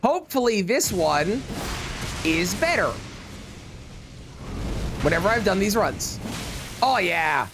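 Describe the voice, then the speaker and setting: A man's voice: high voice, very animated, slow pace, long pauses, music in the background. A man streaming a game live, chatting with viewers and swearing at the game in frustration.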